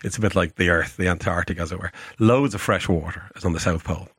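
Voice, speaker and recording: A low-voiced, middle-aged man who talks at a rapid clip and stammers over repeated words in his excitement. He explains science to a radio host with eager energy. His voice is recorded dry and close. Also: breathy edge, no echo. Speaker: scientist guest.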